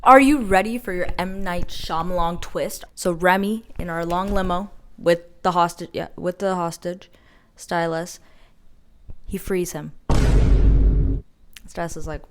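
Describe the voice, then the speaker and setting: A woman's voice: on the low side, unhurried, a bit bright. A woman casually retelling a novel's plot with playful, dramatic asides. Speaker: book recap vlogger. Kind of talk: casual storytelling recap.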